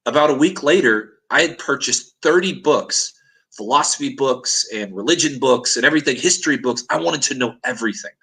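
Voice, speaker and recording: Man, bright forceful voice, earnest dramatic storyteller, mid pitch. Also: animated, a little fast, low-quality recording. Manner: earnest, dramatic retelling with acted-out quotes. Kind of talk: intense personal storytelling.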